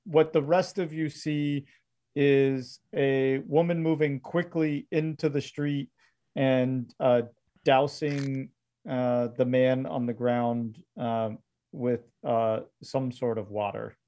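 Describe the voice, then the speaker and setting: A man's voice: medium pitch, steady tone, slow, dark tone. A man acting as game master, narrating a tabletop game with frequent hesitations and fillers.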